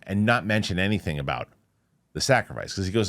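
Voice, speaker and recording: A man hosting a casual film review, retelling scenes in an animated, rambling way with many restarts. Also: on the low side, a little fast. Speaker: movie review host. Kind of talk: casual spoiler review chat.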